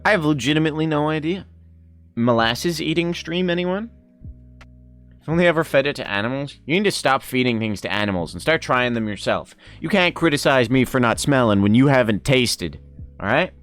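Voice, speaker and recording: A young man streams live with a medium-pitched, animated, slightly bright voice, soft music playing behind him. He rambles playfully while reacting to viewer chat, quick to laugh and stage joking arguments.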